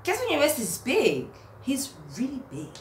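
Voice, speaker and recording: A young woman, a vlogger, roasting someone in a mocking, animated rant to camera and laughing at her own jokes. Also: high voice, normal speed. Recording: roomy echo, faint background hum.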